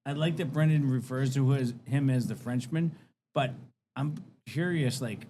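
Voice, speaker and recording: Halting, laughing podcast host. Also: male voice, mid-range voice, warm tone, slight background noise. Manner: halting, repeats words while laughing along. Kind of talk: casual chat.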